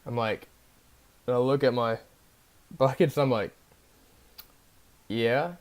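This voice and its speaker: A man's voice: medium pitch, fairly quick, pauses often, a little mellow. A young man casually telling a rambling story on his vlog, full of fillers and tag questions. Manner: rambling, filler-heavy, keeps asking "right?". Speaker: vlogger.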